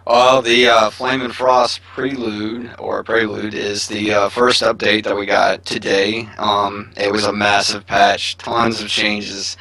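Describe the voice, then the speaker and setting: A man's voice: fairly low pitch, flat delivery, takes it slowly, hardly any pauses, pushed and bright, dry recording, rough recording. A man co-hosting a gaming podcast who gives a casual game news rundown, hesitant and full of ums. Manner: hesitant, lots of ums and uhs. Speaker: podcast co-host.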